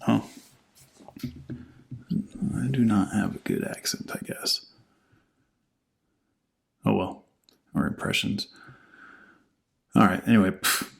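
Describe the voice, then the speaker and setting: A man hosting an ASMR channel, reading an old saga in a soft, half-whispered voice and drifting into rambling asides full of likes. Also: sits low, vocal fry, rough recording. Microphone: microphone with headphones.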